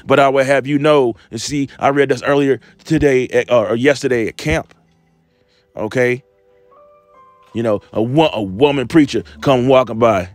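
A man preaching an informal, rambling sermon, swearing often, tacking "man" onto his lines and slowing right down to read scripture aloud. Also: mid-range voice, no echo, soft background music. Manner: rambling, profane, confrontational, repeats "man"; reads scripture slowly and deliberately. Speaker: street preacher.

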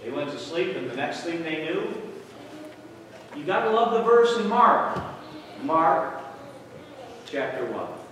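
A man's voice: a little high, animated, slow pace, long pauses, a bit bright. A man, a pastor, preaching a sermon and asking his congregation questions as he dramatizes the story. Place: church hall. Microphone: camera microphone. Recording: echoey hall from far off, faint noise.

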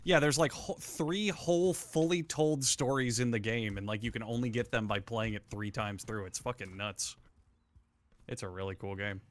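A man's voice: mid-range voice, moderate pace, no echo. Rambling, cursing male streamer host. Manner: rambling storyteller, swears freely. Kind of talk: casual chat while gaming.

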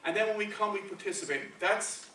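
A high-voiced man with a sharp tone preaches briskly in English with a Spanish accent, keeping things conversational and frequently turning to the congregation with "okay" and "right." The church sanctuary sounds echoey, the mic is far off, and there's a little hiss or hum.

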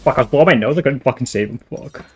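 Fast-talking, swearing gamer man. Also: medium pitch, soft background music. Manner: rapid, swears a lot, loud outbursts. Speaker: gaming streamer. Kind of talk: excited gameplay chat.

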